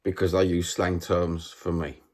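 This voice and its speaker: A man's voice: low voice, little pitch movement, a little slow, darkish tone. A man from London with a Cockney accent, talking straight to his viewers in a casual vlog, agitated, repeating himself and firing off rhetorical questions in slangy working-class speech. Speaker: vlogger.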